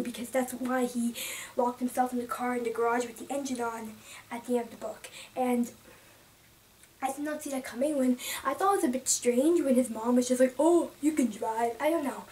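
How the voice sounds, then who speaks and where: A woman's voice: on the high side, moderate pace. Young woman rambling about a book, off-mic. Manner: rambling and emotional, many restarts, drops to soft whispers at times. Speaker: book vlogger. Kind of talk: casual book review. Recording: distant from the mic, faint room noise.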